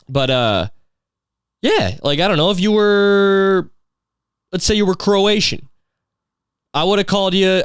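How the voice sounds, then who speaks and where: A man's voice: a little high, clean tone, no echo, studio quality. A young man hosting a podcast, rambling in a casual, profane comedic rant full of fillers and restarts. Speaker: podcast host.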